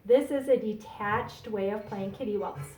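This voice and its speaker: A woman piano teacher explaining a lesson to a student in a slow, patient way. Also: mid-range voice, darkish tone, slight background noise. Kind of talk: recorded private lesson.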